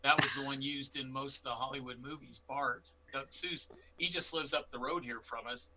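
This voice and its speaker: A middle-aged man, a bear expert guest on a panel, telling animated stories with acted-out quotes. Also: mid-range voice, moderate pace, heavy background noise. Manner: animated anecdotes with quoted dialogue. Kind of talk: storytelling in a panel interview.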